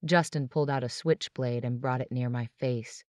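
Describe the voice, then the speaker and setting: A woman's voice: a bass voice, steady tone, moderate pace, darkish tone, no room sound, clean studio sound. A woman narrating a tense, dramatic first-person audiobook.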